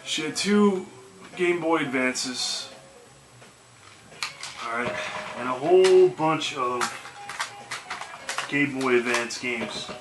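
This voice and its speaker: This is casual storytelling from a video game collecting vlogger recalling yard-sale trips. His medium-pitched voice has lively intonation, and he takes it slowly with long pauses, staying relaxed and rambling with plenty of "you know" and "man." The room is echoey, with faint music.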